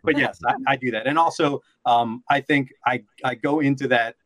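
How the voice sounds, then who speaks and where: A man's voice: mid-range voice, fairly even intonation, normal speed, a bit bright, no echo, rough recording. A man from Brooklyn who is a voice actor and director, telling stories on a panel with a self-deprecating, laughing manner. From Brooklyn, New York. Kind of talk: panel discussion.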